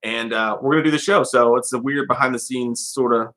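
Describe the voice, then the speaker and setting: A man's voice: mid-range voice, fairly quick. A man co-hosting a casual livestream, talking loosely with plenty of swearing and laughter. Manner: profane, excitable, laughs often. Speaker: co-host.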